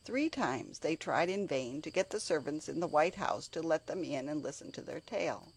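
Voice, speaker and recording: Lively, breathy woman narrator. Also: sits low, normal speed. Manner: expressive, animated reading. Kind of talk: storybook narration.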